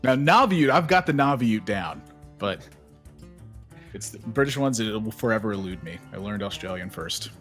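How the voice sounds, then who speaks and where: A man casting a card game tournament live, chatty and prone to sudden high exclamations. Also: moderate pace, faint music behind. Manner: excitable, jumps into high exclamations. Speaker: esports caster.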